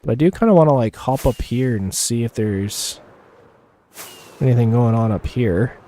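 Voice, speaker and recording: A man talking loosely through a live gaming stream. His pitch sits at an ordinary middle level. He rambles and piles on fillers as he chats with viewers, chuckling easily between thoughts. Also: animated, normal speed, warm tone. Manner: chats with viewers while playing. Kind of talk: casual gameplay commentary.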